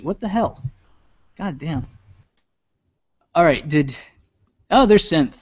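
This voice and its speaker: A man's voice: fairly high pitch, lively intonation, slow, long pauses, highs cut off. A young man hosting a live stream, chatting casually, rambling, swearing and laughing while he sets up. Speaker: stream host.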